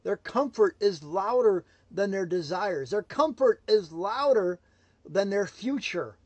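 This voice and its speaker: A man giving a motivational livestream talk, emphatic and swinging between loud declarations and hushed asides. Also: high voice, expressive, unhurried, dry recording. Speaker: motivational speaker.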